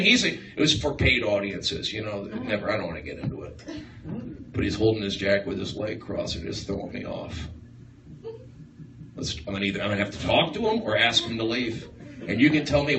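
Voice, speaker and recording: A man doing a rambling stand-up set, riffing excitably on the crowd in a small comedy room. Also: lowish voice, fairly quick. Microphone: far live-stream phone mic. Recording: echoey, distant livestream with room noise.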